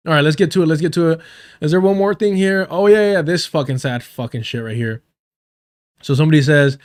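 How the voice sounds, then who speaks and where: A man's voice: fairly high pitch, brisk. Profane, scornful man ranting on stream. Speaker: livestream host. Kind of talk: live-stream commentary.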